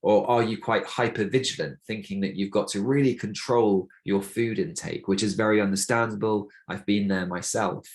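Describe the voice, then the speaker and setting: A man's voice: lowish voice, fairly even intonation, normal speed, few pauses. A man presenting a webinar on breathwork, explaining things in an encouraging, plain way with the odd filler and restart.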